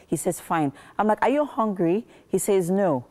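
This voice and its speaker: A woman's voice: mid-range voice, moderate pace. A woman hosting a morning TV show, chatting and telling a story. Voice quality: chatty storyteller, quotes others in lively voices. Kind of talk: casual studio chat.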